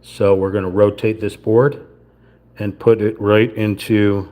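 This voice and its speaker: Over phone-quality sound, a man speaks in a low, flat, unhurried voice while building a wooden model kit on stream. He casually mutters the steps to himself, handling small parts as he goes.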